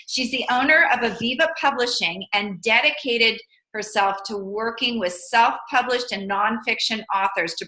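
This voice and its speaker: A woman's voice: mid-range voice, pushed and bright, reverberant, poor audio. An American woman hosting a vlog interview, talking in an effusive, enthusiastic way. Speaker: vlog host. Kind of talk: conversational interview.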